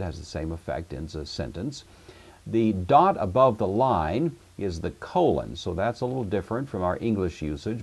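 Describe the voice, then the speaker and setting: Deep-voiced man teaching a lesson. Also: darkish tone. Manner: measured, explanatory, frequent "uh" fillers. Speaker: Greek teacher. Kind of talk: recorded course lecture.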